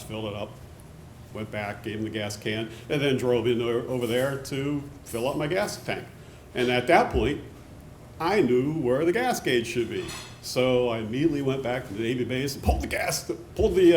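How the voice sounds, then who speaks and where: A man with a mid-pitched voice tells a live story in a relaxed, plain way. His words carry fillers and small restarts. The stage mic sits in an echoey pub room. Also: slight background noise.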